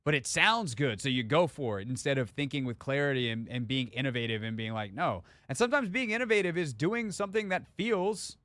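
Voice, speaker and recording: A man's voice: mid-range voice, brisk, few pauses, a bit bright, no room sound. A man hosting a sports radio show, talking in a loose, rambling, joking way. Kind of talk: casual talk radio banter. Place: radio studio.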